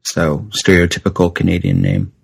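A man's voice: low voice, steady tone, normal speed, vocal fry, husky, poor audio. A man hosting a podcast, chatting casually and rambling with frequent restarts. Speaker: podcast host. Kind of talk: casual chat.

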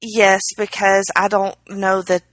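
A woman's voice: medium pitch, level tone, unhurried, a bit bright, no echo. Wry woman co-hosting, dry close sound. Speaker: podcast co-host. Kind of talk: casual chat.

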